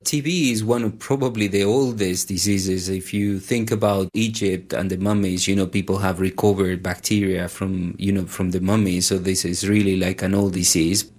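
A man's voice: low voice, steady tone, normal speed, hardly any pauses, a little mellow. A man who leads a research group, explaining science casually in an interview and often saying "you know". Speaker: research group leader at a lab.

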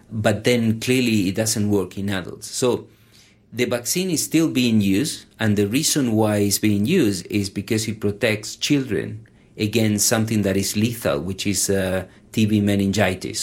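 Man, very low voice, lab researcher, casual explainer, frequent fillers. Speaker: research group leader at a lab. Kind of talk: explaining science in an interview.

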